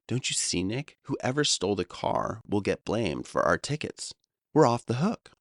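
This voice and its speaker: A man's voice: very deep voice, big pitch swings, a little fast, creaky, fairly bright tone, no room sound, exaggerated voice. A man voicing a cool, sardonic fourteen-year-old friend in an audiobook memoir. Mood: sly. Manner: sardonic, conspiratorial.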